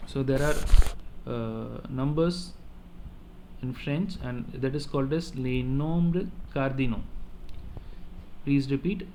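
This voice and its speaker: A man teaching French to a class, going very slowly and saying each word over and over. His voice sits at a middle pitch, with a faint ambient hum behind him. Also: warm tone. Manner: slow, repeats each word several times. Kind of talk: online classroom lesson.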